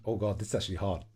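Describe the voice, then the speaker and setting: A young man chatting casually and rambling playfully on a live stream, very close to the microphone. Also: on the low side.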